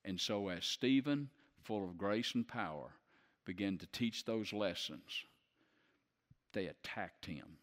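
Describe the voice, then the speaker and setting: A man's voice: fairly low pitch, slow pace, long reverb tail. A man preaching a sermon who puts questions to the congregation and builds to emphatic peaks. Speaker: pastor.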